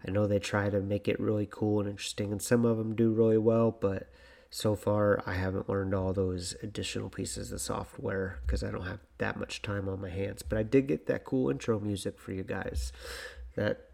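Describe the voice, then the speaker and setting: A young man with a low, dark voice hosts a solo podcast. His delivery is flat and gravelly, and he rambles along in a casual, self-deprecating way. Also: normal speed. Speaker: podcast host.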